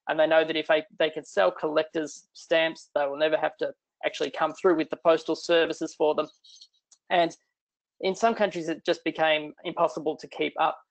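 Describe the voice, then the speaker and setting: A man's voice: fairly high pitch, gravelly. A middle-aged man with an Australian accent giving a chatty, irreverent online talk from home. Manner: chatty, irreverent, self-deprecating. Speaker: guest speaker.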